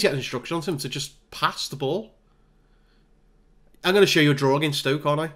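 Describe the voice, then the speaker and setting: A man giving exasperated, animated play-by-play while playing a football management game. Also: on the high side, brisk, long pauses. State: hay fever. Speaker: gaming YouTuber. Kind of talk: live game commentary.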